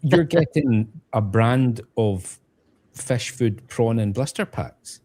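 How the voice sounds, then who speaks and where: A man's voice: mid-range voice, animated, slow, mellow. A man hosting a casual chat, asking pointed follow-up questions. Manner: inquisitive, asks follow-up questions.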